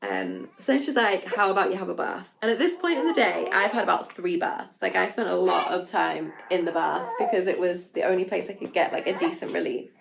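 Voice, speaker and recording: A woman's voice: fairly low pitch, very animated, brisk, vocal fry, hardly any pauses, noisy background. A young woman vlogger telling her own story frankly and casually, full of fillers and asides, acting out her own panicked quotes. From England. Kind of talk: candid storytelling vlog.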